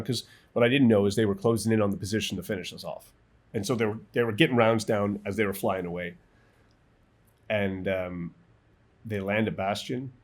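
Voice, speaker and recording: A middle-aged man telling a personal war story in vivid, halting bursts, acting out what others said. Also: fairly low pitch. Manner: vivid, halting retelling with quoted voices and restarts. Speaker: guest, military veteran.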